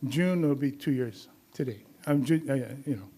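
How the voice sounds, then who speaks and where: A man's voice: medium pitch, expressive, normal speed, dark tone. An older man from Hawaii giving a casual, teasing health talk to a live audience, laughing often and acting out other people's voices. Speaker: community health lecturer.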